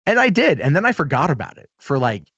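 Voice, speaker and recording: A man's voice: a little high, big pitch swings, quick pace, fairly bright tone, husky, dry recording, lo-fi sound. A man, a guest on a podcast, chatting casually and telling rambling, profane anecdotes.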